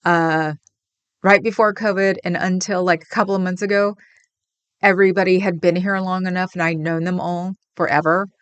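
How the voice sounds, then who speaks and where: A woman's voice: lowish voice, fairly even intonation, normal speed, smooth, no echo. A woman from the Bay Area hosting a casual livestream chat, answering viewers with frequent laughs. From San Francisco Bay Area. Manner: chatty, laughs often, rambling. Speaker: livestream host.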